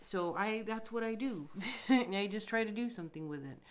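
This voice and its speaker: A woman's voice: mid-range voice, animated, moderate pace. A woman hosting a podcast, talking bluntly and emphatically in a casual spiritual monologue, with frequent swearing. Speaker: podcast host.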